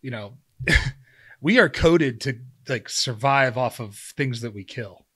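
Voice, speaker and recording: A man's voice: mid-range voice, lively intonation, slow, a bit bright, slightly rough. A man in his thirties, a podcast guest, telling a story in casual conversation, acting out his own quotes with lots of fillers. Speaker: guest, former pro football player turned hunter.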